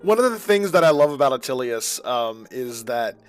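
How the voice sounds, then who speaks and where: A man's voice: mid-range voice, big pitch swings, normal speed, smooth, faint music behind. A man co-hosting a podcast, in a casual chat, joking and reacting with many fillers. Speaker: podcast co-host and tabletop player.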